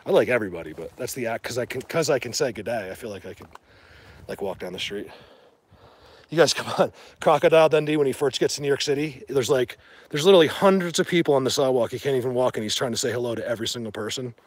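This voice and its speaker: A man hosting a casual livestream from outdoors in the rain, talking excitedly to viewers through a handheld phone as he walks. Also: mid-range voice, quick pace, husky, no room sound. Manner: rambling, excitable, addresses viewers. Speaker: livestream host. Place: outdoors in woods during rain.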